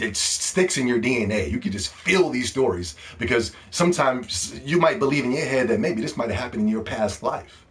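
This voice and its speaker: A man delivering a loud, profane, mocking rant as a gaming commentator. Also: mid-range voice. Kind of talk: ranting video commentary.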